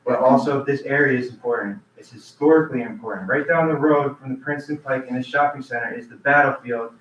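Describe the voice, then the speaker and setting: A man's voice: medium pitch, fast talker, fairly bright tone, slight background noise. A man giving public comment at a council meeting, talking in an urgent, earnest way and often restarting his sentences. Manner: repeats himself and restarts sentences. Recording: roomy, distant, dull meeting-room audio.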